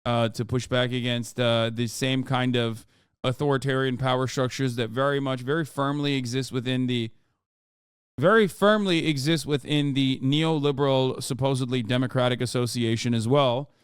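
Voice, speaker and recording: A man's voice: mid-range voice, normal speed, smooth, dry recording, studio quality. A man in his thirties, a Turkish native speaker, giving sarcastic, profane reaction commentary on a livestream. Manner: sarcastic, profane, animated riffing. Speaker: streamer and political commentator.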